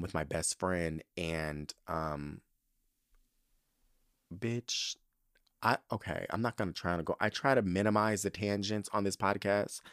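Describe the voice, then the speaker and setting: A young man with a lowish voice hosts a casual podcast monologue. He tells his story in a sassy, animated way and leans on emphatic repetition. The sound is dry and close, with no room around it. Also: no echo. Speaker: podcast host.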